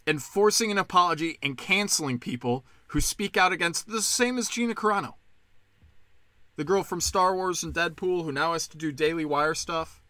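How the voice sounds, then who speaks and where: A man's voice: fairly high pitch, normal speed, bright, forceful tone, no echo. A man ranting in a casual monologue, sarcastic and profane, slipping into mocking impressions.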